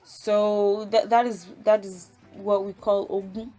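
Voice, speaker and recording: A woman's voice: medium pitch, level tone, slow, dark tone. A woman teaching a language lesson, patiently explaining step by step and sounding out syllables. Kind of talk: casual spoken lesson.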